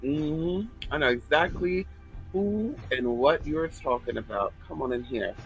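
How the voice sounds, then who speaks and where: A man's voice: on the high side, lively intonation, a little slow, vocal fry, slightly rough, soft background music, low-quality recording. A man hosting a casual livestream, talking in a sassy, flamboyant way, swearing freely and reading out viewer comments.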